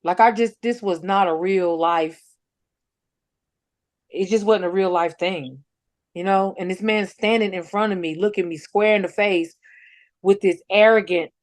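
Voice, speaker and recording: A woman's voice: medium pitch, no room sound. A middle-aged woman, speaking bluntly as a guest about her son's killing and acting out the dialogue as she tells it. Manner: animated storyteller acting out quoted dialogue; blunt and outspoken. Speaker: guest, bereaved mother. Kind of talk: emotional personal account.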